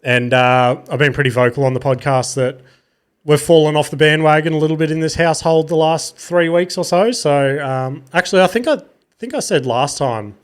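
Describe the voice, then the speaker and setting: A man's voice: on the high side, moderate pace, clear, resonant tone. A tired Australian man in his thirties telling rambling stories on his podcast, swearing casually and poking fun at himself. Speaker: podcast host. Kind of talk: casual solo storytelling.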